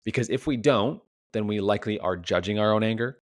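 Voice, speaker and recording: A man's voice: lowish voice, fairly quick, no room sound, clean studio sound. A man as a relationship coach, giving a reflective solo podcast talk full of rhetorical questions, often tagged with "right?".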